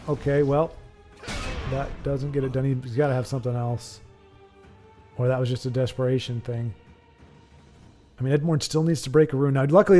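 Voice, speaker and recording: A man hosting a livestream, giving rambling, casual commentary on a card game, with sudden excitable outbursts. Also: a little high. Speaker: livestream host.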